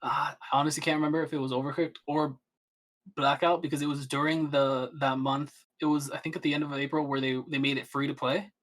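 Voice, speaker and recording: A man's voice: fairly high pitch, flat delivery, quick pace, fairly bright tone. A young man chatting as a podcast guest, rambling with many restarts and fillers. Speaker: guest streamer. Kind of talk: casual podcast chat.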